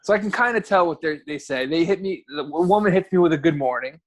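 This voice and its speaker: A man's voice: sits high, fast. Rambling New man telling stories. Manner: rambling, profane, with self-corrections. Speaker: podcast co-host. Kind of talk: casual chat, storytelling.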